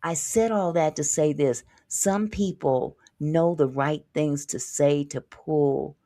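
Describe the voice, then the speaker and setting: A woman telling a story in casual chat, animated and laughing as she talks. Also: low voice, slow pace.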